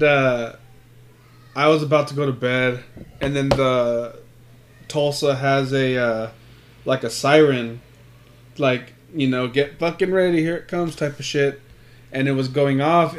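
A man's voice: mid-range voice, steady tone, measured pace, long pauses, a little hiss or hum. A man telling a rambling story in casual chat, swearing a lot and acting out what people said. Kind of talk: casual chat between friends.

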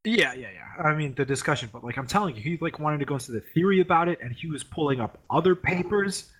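A young man casually telling a story, animated, swearing freely and acting out the people in it. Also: fairly high pitch, fast talker, breathy edge. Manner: animated, swears a lot, mimics the professor in raised voice. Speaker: former grad student telling a story.

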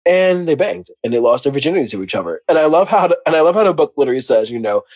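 A man's voice: a little high, rapid-fire, no echo. Dry-voiced man recapping a book. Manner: animated storyteller, laughs often. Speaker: podcast co-host. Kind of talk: casual book recap chat.

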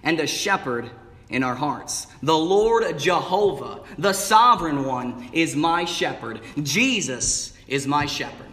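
Preaching slowly in a church sanctuary one evening, a man with a slightly high, sharp voice is very animated and stretches out key words with emphatic cadence. Congregation replies ring out, and the recording has a hall's long reverb.

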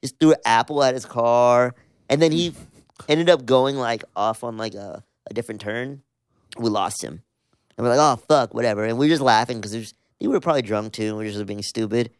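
A man in his thirties from Southern California tells a rambling story in a casual chat, thick with fillers and swear words. His voice is smooth and clear, and the recording is close and dry. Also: medium pitch, a little fast, no echo. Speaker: musician guest.

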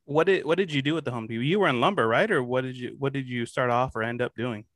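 A man's voice: medium pitch, fast, fairly bright tone, no echo, studio quality. A man hosting a podcast, asking short casual questions and laughing along. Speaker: podcast host. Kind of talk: casual interview chat.

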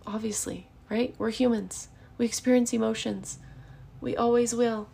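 A woman in her thirties giving an earnest, encouraging parenting lesson, acting out calm phrases a parent might say. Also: a little high, moderate pace, vocal fry, husky. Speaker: parenting educator. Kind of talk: casual teaching monologue.

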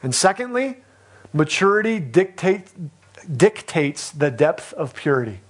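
High-voiced impassioned male preacher. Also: sing-song, a little slow. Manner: impassioned, rising loud in acted pleas, with repeated phrases. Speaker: pastor. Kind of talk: sermon.

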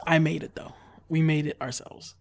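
A man with a slightly high, gravelly voice tells a long, rambling story in casual chat. He leans on "like" and "uh", swears now and then, and sounds exasperated. The sound is close and dry. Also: little pitch movement, normal speed, no room sound. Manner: rambling, filler-heavy, exasperated retelling with swearing.

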